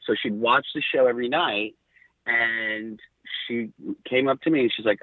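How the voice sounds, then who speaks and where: A middle-aged man, a podcast guest, telling lively backstage stories with quoted dialogue. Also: mid-range voice, normal speed, no echo. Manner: animated anecdotes with quoted dialogue. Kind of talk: casual storytelling. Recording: tinny phone-like line.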